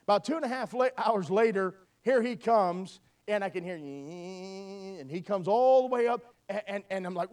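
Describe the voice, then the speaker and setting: A man's voice: high voice, moderate pace, a little mellow. A man preaching a sermon, telling a folksy personal story and asking for amens. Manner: folksy storytelling, asks "amen?". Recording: voice from far off the mic.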